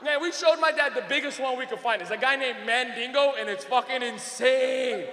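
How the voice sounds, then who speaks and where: This stand-up set comes from a young man with a very high, sharp-toned voice at a moderate pace. Brash and profane, he laughs while telling stories, recorded in an echoey club with long reverb.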